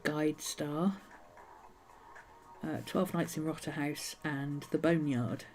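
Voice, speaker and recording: A woman with a slightly low voice chats casually through her journals in a home vlog. She rambles and doubles back on her thoughts, and a nagging cough keeps bothering her. Faint music plays quietly behind her. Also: steady tone, takes it slowly. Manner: chatty, meandering, restarts thoughts often. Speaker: journaling video host.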